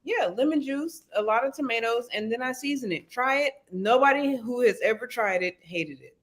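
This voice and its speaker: A woman's voice: fairly high pitch, lively intonation, normal speed. Matter-of-fact woman in podcast chat. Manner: matter-of-fact, listing details. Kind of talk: casual banter.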